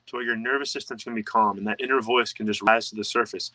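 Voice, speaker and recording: A man's voice: medium pitch, fairly even intonation, fast, hardly any pauses, sharp tone, dry recording, poor audio. A man speaking as a life coach in a live online presentation, earnest and full of fillers. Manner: earnest, talkative, filler-heavy.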